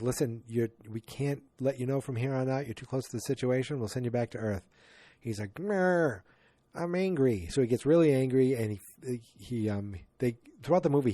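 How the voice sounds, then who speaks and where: A man's voice: fairly low pitch, warm tone, dry recording. A man hosting a podcast, casually retelling a movie plot in a rambling way and acting out quotes from the characters. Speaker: podcast host.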